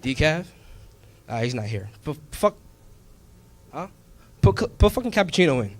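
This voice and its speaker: A man's voice: a little high, moderate pace. A man doing stand-up comedy, telling a profane story and acting out the characters in it. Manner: profane, animated storytelling with acted-out voices. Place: comedy club stage with a live audience.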